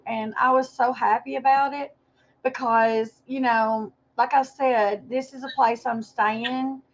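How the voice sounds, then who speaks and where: Lady rambling on a livestream, kinda high, apologizes a lot, muffled audio. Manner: rambling, apologetic, talks to viewers by name. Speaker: livestream host. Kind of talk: casual livestream chat.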